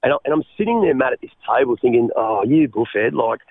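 An Australian man telling his life story as a radio guest, halting and repeating words as he speaks. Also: medium pitch, big pitch swings, no echo. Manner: halting, repeats words, calls the host mate. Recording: tinny phone line.

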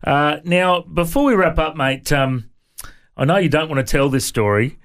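A man's voice: fairly high pitch, normal speed, fairly bright tone. A man hosting a casual radio interview, teasing his guest and speaking with frequent fillers. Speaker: radio host.

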